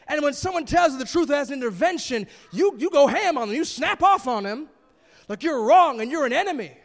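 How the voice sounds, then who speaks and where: A man with a very high voice preaching a sermon, leaning hard on his points and breaking into plain, conversational asides. His voice carries a long reverb, as if filling a big hall. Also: animated, fairly quick. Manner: emphatic, reads and comments on scripture, plain and conversational.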